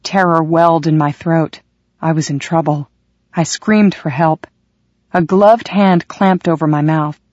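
A man reading a first-person audiobook chapter with steady, dramatic storytelling. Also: on the high side, moderate pace, dry recording. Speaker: audiobook narrator. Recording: dry, slightly muffled.

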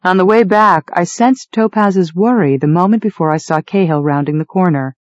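A woman narrating a novel in the first person, in an even, measured storytelling manner. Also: on the low side, dry recording. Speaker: audiobook narrator. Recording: dull, dry studio read.

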